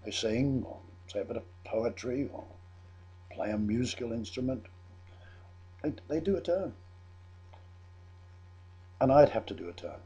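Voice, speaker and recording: A man's voice: mid-range voice, expressive, measured pace, pauses often, mellow, breathy edge. Older English man telling a story. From England. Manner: chatty, self-amused, with frequent restarts. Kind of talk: personal anecdote.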